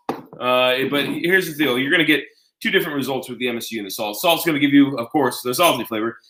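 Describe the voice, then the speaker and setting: Guy doing a live cooking stream, bright voice, talks right to the viewers, kinda echoey room. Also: medium pitch. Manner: chatty, folksy, talks to viewers directly. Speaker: home cooking show host. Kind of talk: casual live cooking demonstration.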